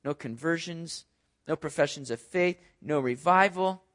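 Dejected apostle, earnest and lamenting, high voice, as a preacher puts him on. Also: male voice, unhurried, a bit bright. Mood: discouraged. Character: discouraged apostle Paul, adult man.

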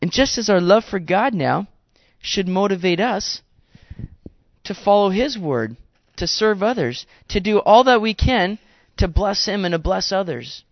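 Gravelly-voiced male pastor preaching. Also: high voice, unhurried, no room sound, dull audio. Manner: conversational, animated preaching with playful asides. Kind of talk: sermon.

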